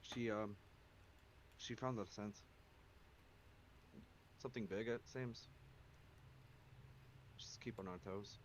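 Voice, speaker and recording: During a casual tabletop game, a male player talks hesitantly and uses many fillers. His voice is lowish and fairly even, and he speaks slowly with frequent pauses. A slight background noise can be heard.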